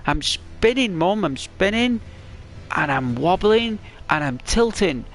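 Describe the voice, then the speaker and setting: A man's voice: high-pitched, lively intonation, takes it slowly, pitched above the performer's own voice. A man voicing the Earth as a young daughter who whines and complains to her mother. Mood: whiny. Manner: plaintive, whining complaints.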